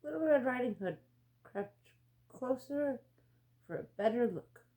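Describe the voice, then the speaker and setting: Slow, lively storybook-reading woman. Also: a little high. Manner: slow, expressive read-aloud delivery.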